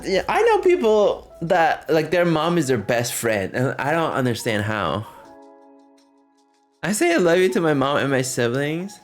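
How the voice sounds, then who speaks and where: A man's voice: mid-range voice, big pitch swings, normal speed, soft background music. A man livestreaming, chatting casually with his viewers and laughing often as he reacts to chat.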